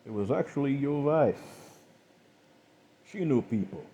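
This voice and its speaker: A man plays a menacing killer who never raises his voice. He speaks slowly and in measured tones, with cold mockery. His voice is husky and breathy. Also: medium pitch, lively intonation, dark tone, pitched above the performer's own voice, full character voice. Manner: slow, measured, coldly mocking. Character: calm, menacing male killer, cold and contemptuous.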